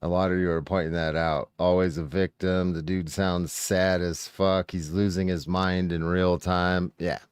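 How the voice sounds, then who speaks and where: A man's voice: sits low, level tone, unhurried, hardly any pauses, clean tone, no room sound, studio quality. A man streaming a profane, blunt reaction commentary, mocking what he hears and swearing freely. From United States.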